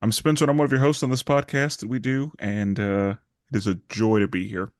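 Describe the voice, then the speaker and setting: A man's voice: lowish voice, fairly even intonation, brisk, dry recording, studio quality. A man hosting a podcast, chatting casually with playful, showman-like build-ups. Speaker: podcast host.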